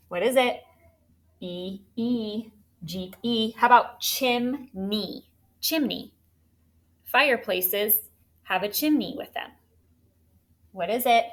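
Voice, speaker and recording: A woman's voice: medium pitch, fairly bright tone. A woman teaching a phonics lesson to children, patient and encouraging as she sounds out words.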